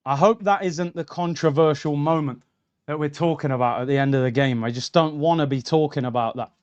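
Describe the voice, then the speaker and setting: A man's voice: fairly high pitch, fairly quick, darkish tone, clean tone, dull audio. A young man, hosting a live football watchalong and reacting heatedly, talking to viewers as lads and bro. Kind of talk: live match watchalong commentary. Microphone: streaming mic.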